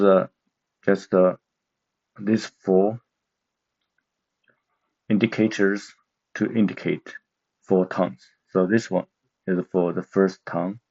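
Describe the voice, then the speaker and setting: A man gives a slow, careful language lesson, often pausing on filler sounds. His voice is low and mellow. The recording is dull and lo-fi. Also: gravelly, husky. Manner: hesitant, many filler sounds. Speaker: Chinese language teacher.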